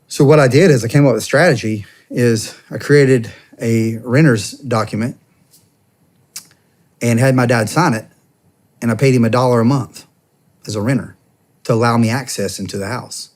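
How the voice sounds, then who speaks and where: A man's voice: mid-range voice, moderate pace, pauses often, a little mellow. Earnest man recounting a family ordeal. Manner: acts out the quoted speech of others while telling the story; earnest and conversational, with repeated restarts. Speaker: podcast guest, former police officer. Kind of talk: emotional personal storytelling.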